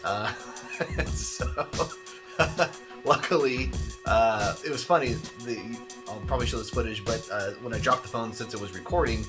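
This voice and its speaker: A man's voice: medium pitch, a little slow, music in the background. A man hosting a weekly video game release show, chatting casually in a sardonic way, swearing freely and laughing often. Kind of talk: casual rambling commentary.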